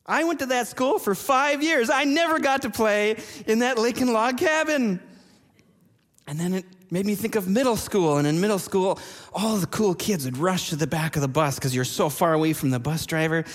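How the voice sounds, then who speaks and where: A man's voice: sits high, normal speed. A man preaching a sermon, telling personal stories with self-deprecating humor. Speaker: pastor. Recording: long church reverb.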